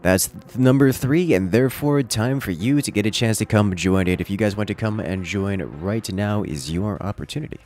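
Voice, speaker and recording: A man's voice: on the low side, normal speed, few pauses, a little mellow, a little hiss or hum. An American man with an urban accent, streaming a game and chatting playfully with his viewers. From United States. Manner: playful, joking with chat. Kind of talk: casual livestream chat while playing.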